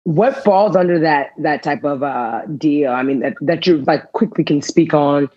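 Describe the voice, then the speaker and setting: A woman's voice: low voice, unhurried, mellow, dry recording. A woman hosting a podcast, asking follow-up questions in a conversational way. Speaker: podcast host. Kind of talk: interview questions. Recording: dull, dry lo-fi sound.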